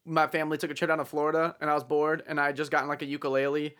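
A man's voice: fairly high pitch, little pitch movement, racing, fairly bright tone. A young man hosting a podcast, chatting casually in a rambling, profane way and laughing often. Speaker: podcast host.

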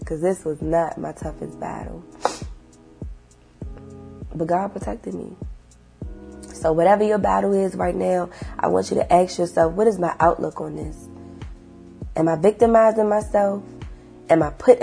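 A young woman talking earnestly to her viewers about faith and getting through hard times, repeating herself and swinging from hushed to loud. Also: on the low side, creaky. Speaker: vlogger. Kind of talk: emotional faith-filled vlog monologue.

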